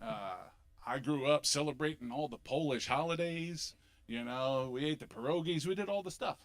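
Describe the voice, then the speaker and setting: A middle-aged man from Philadelphia with a Philly accent, doing an animated, punchy stand-up comedy set on a club stage. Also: a little high, normal speed. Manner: animated, punchy delivery with sudden loud bursts.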